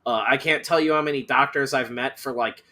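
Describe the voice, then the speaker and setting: A man's voice: medium pitch, a little fast, bright, forceful tone, slight background noise. A man hosting a casual chat, swearing freely and slipping into mocking voices. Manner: profane, joking, does mocking voices. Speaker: podcast host.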